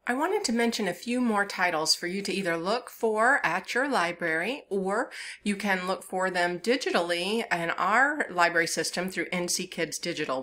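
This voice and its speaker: A woman with a Southern US accent leads a children's story time, playful and sing-song as she coaxes little listeners to join in. Her voice is bright and clear, and she talks at a slow, unhurried pace. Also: lowish voice. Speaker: children's librarian.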